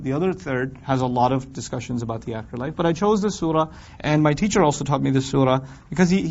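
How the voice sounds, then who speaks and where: A man teaching a Quran class in a lively, conversational way, firing rhetorical questions at his students and acting out complaining voices. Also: a little high. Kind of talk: classroom lecture on scripture. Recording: dull lo-fi recording.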